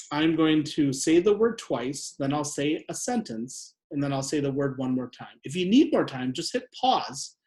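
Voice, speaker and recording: Slow, clear teacher in an echoey room. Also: male voice, a little high. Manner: slow, deliberate, repeats each word. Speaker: second grade teacher. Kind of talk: spelling lesson for children.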